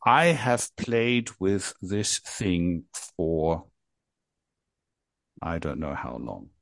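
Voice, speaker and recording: A man's voice: low-pitched, drawn-out words, vocal fry, dry recording. An older man hosting a casual podcast, rambling and poking fun at himself. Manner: self-mocking, jokey, rambling. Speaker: podcast host.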